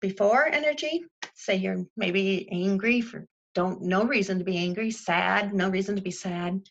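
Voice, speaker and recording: A woman's voice: mid-range voice, moderate pace, creaky, highs cut off, slight background noise. A woman leading a group call as a spiritual teacher, talking in an enthusiastic, repetitive way with playful exclamations. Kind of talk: guided spiritual coaching talk.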